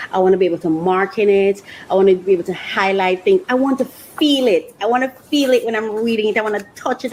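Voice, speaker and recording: A woman hosting a faith podcast, talking casually and emotionally, laughing often and slowing down when she reads aloud. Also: mid-range voice, slight background noise, poor audio. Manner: emotional and expressive, laughs often, restarts sentences; slows down when reading aloud. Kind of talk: casual reflective monologue.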